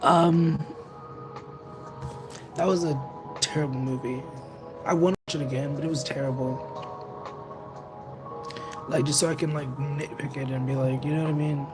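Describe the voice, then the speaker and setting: A young man chatting casually with viewers on a livestream, rambling and second-guessing himself out loud. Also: fairly high pitch, fairly even intonation, fairly quick, long pauses. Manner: rambling, self-conscious, overthinks aloud. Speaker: livestreamer and tarot reader. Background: music playing in the background.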